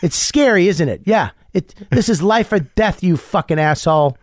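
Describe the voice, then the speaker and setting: A man voicing a gruff, foul-mouthed older male rehab director who yells bluntly. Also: sits high, animated, moderate pace, dry recording, studio quality, voice pushed up. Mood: confronting. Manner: yelling, profane, blunt.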